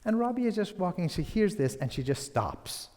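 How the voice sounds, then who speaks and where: A man giving a public lecture, soft and deliberate, his phrases often trailing into near-whispers. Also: sits high, big pitch swings, big-room sound.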